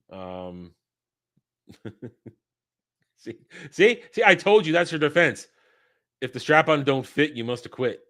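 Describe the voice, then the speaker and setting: A man's voice: mid-range voice, fairly bright tone. A man from New York doing casual stream commentary, ranting with mock outrage and plenty of swearing. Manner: profane, mock-indignant ranting. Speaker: streamer reacting to clips.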